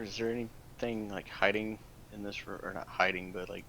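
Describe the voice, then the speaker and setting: A man's voice: lowish voice, steady tone, normal speed, bright, forceful tone, a little hiss or hum. A man playing a tabletop game, chatting casually with rambling asides. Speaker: player.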